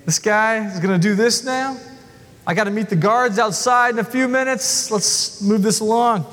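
Man putting on an impatient, scheming traitor, irritated and hurried, high voice, long hall reverb. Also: a bit bright.

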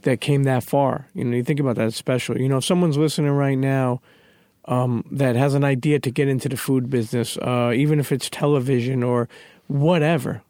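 A man's voice: medium pitch, steady tone, fairly quick, dark tone, dry recording, clean studio sound. A man hosting a podcast interview, earnest, with short affirmations and heartfelt questions. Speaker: podcast host. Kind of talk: casual interview.

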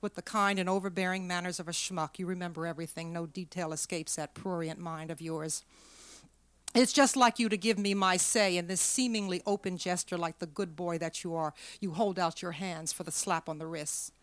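A woman's voice: lowish voice, steady tone, normal speed, a bit bright, no echo, close to an everyday voice. A woman reading aloud, voicing a scornful wife who speaks sardonically. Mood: sardonic. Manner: sardonic, cutting. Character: sharp-tongued, scornful wife Janice.

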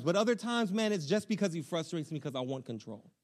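A young man, a pastor, preaching a sermon in an animated, conversational way with casual slang. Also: sits high, rapid-fire.

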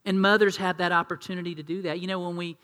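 A male pastor delivers a sermon with a high, bright and forceful voice. He talks to the congregation in a chatty way, throwing questions at them. The sound carries a long reverb from a large church hall. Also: level tone, fast. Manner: conversational, asks the congregation questions, acts out quotes.

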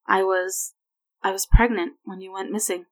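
A woman reads the part of a gentle grown woman, soft-spoken and hesitant, quietly tearful. Her voice sits at a middling pitch, in a plain storybook reading. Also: level tone, moderate pace, natural voice.

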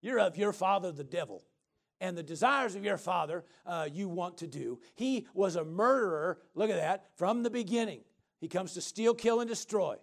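A middle-aged man preaches a sermon with animation, calling out questions to the congregation and answering himself with shouts and laughter. His voice sits high, with vocal fry, at a moderate pace.

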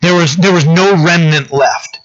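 A male pastor giving a conversational sermon, often checking in with "right?" and pausing on fillers. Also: on the high side, a bit bright. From French-descended local community. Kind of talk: sermon teaching. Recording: dull lo-fi sound.

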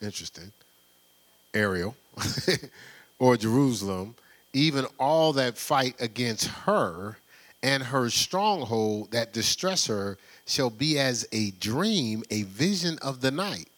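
A man preaching a sermon in a loose, conversational way, full of rhetorical questions and quick laughs. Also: medium pitch, very animated, a bit bright. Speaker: pastor.

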